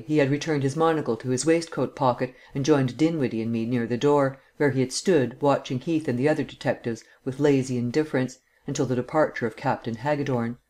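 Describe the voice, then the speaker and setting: Male audiobook narrator, steady literary reading, classic mystery. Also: mid-range voice.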